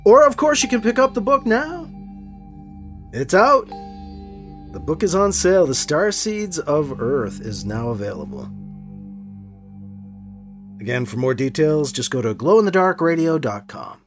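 A man who hosts and writes the show, narrating a science fiction story and then speaking to listeners as an expressive storyteller. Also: a little high, unhurried, long pauses, faint music behind. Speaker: host and writer. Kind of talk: audiobook narration.

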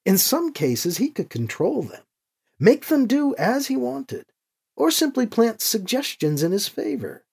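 A slow, husky audiobook narrator with a lively, swinging pitch. The voice stays measured and expressive through the scripted narration.

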